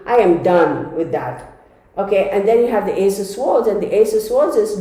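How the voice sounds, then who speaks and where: A congested woman giving a casual tarot reading, chatty and dramatic. Her voice is mellow and dark. It rings out in a very echoey room. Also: medium pitch, lively intonation, moderate pace. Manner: chatty and dramatic, addresses viewers as y'all. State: congested from a cold. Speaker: tarot reader.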